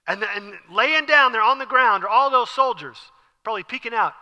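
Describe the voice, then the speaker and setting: Animated pastor preaching in a church hall. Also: male voice, very high voice, normal speed, lo-fi sound. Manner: animated, acts out scenes with whispers and exclamations. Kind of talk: sermon. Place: church sanctuary. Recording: church hall with long reverb.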